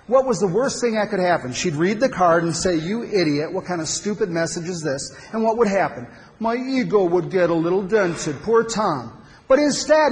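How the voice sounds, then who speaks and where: High-voiced man telling a story in a hall. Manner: animated, emphatic storytelling with dramatic pauses. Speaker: speaker at a men's conference. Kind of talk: storytelling talk to an audience. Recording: long hall reverb.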